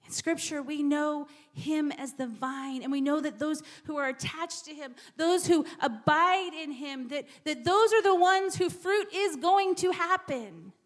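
High-voiced woman preaching a sermon. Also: a little slow, hardly any pauses. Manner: repeats words, drops to whispers for emphasis.

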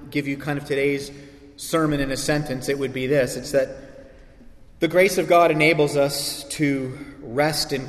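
A male pastor preaching a sermon, animated, acting out quoted voices with sarcasm. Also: medium pitch. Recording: echoey hall reverb.

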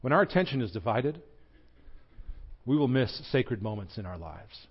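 A young adult man with a Southern American accent preaching a sermon, telling a personal story earnestly, with his voice rising and falling in pitch and loudness. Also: big pitch swings, moderate pace, slightly rough, lo-fi sound. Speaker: pastor.

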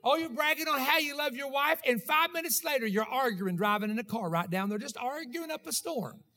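Man, pastor, high voice, rhythmic sermon delivery, calls out to congregation. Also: lively intonation, fairly quick, sharp tone. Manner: rhythmic preaching with call-outs to the congregation.

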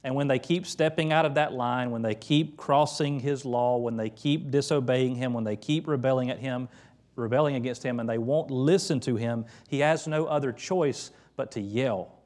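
A young man gives a sermon as a pastor, telling a story in an easy, conversational way. His voice sits at an ordinary middle pitch for a man, and he moves between plain talk and scripture reading. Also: moderate pace, darkish tone.

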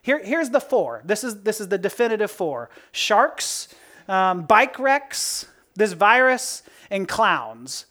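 A woman preacher giving a sermon in a conversational, animated way, asking rhetorical questions and laughing at her own jokes. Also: medium pitch, slow pace.

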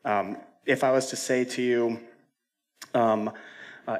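A man's voice: mid-range voice, fairly even intonation, slow pace, long pauses. A male senior pastor preaching a sermon in a conversational way, with frequent fillers and self-corrections.

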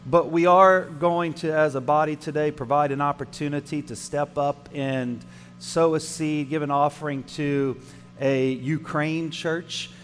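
A man's voice: fairly high pitch, fairly even intonation, a little slow, big-room sound, faint music behind. A man with a Cajun accent, preaching and leading the offering as pastor, talking in a conversational way with restarts and asides to the congregation. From Louisiana. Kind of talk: sermon.

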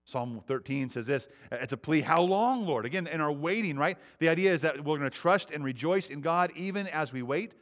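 A man preaches a sermon in a slightly raised voice. He moves from quiet, reflective passages to fervent appeals. He stumbles and repeats words as he speaks. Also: on the high side, a little fast, hardly any pauses. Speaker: pastor.

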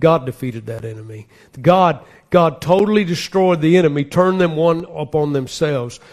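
A man's voice: a little high, normal speed, darkish tone. A man preaching a sermon, reading scripture aloud and building to earnest emphasis. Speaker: pastor.

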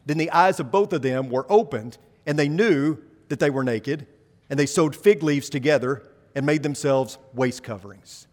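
A man's voice: fairly high pitch, normal speed, a little mellow, big-room sound. A man preaching a sermon in a conversational way, asking the congregation rhetorical questions as he reads scripture. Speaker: pastor.

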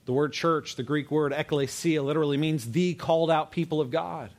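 A man's voice: steady tone, brisk. Man preaching a sermon with emphatic rises. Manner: conversational, builds to emphatic rises, asks audience to follow; frequent fillers and restarts, drops low and soft on key words.

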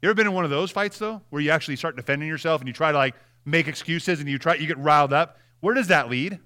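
Young male pastor, talky sermon delivery, bright tone with a fairly high pitch. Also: fast talker. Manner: conversational preaching, acts out quiet apologies.

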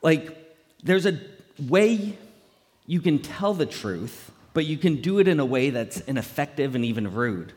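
A male pastor preaching a conversational, animated sermon, often acting out quotes in playful voices. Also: a little high, measured pace. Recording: long hall reverb.

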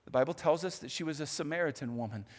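A male pastor preaching a sermon in a church, telling the story in an animated, conversational way with asides. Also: on the high side, fast. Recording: long hall reverb.

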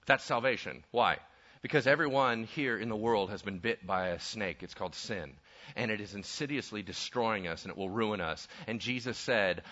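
A man preaching a lively sermon, conversational and full of rhetorical questions. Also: on the low side, moderate pace. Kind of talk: animated sermon with acted-out voices. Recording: dull lo-fi sound.

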